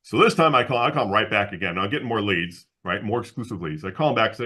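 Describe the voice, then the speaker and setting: A man with a low, forceful voice tells a story as a guest in an interview, jumping into the voices of the people he quotes. He laughs often and restarts his sentences as he goes. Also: rapid-fire, few pauses. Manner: animated storyteller who acts out the people he quotes. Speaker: guest, insurance agency owner.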